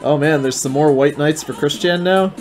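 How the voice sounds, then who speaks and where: A man's voice: on the high side, normal speed, faint music behind. Exasperated swearing man streaming. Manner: exasperated, swearing, mock-outraged. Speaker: streamer reacting to videos. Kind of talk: casual reaction commentary.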